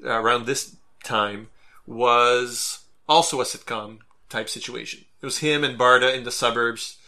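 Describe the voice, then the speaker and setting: A man's voice: medium pitch, fairly even intonation, a little slow, bright, forceful tone. A man casually explaining comic history and joking with his co-host. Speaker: podcast co-host. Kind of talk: casual chat about comics.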